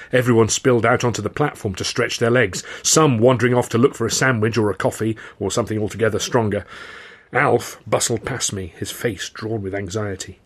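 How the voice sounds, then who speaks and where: A man, the author, reading his novel aloud in measured, dry first-person narration. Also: fairly low pitch.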